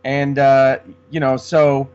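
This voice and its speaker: A man's voice: mid-range voice, level tone, slow pace, darkish tone, smooth. A man co-hosting a casual sports podcast, rambling with many restarts. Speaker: podcast co-host. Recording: dull lo-fi sound.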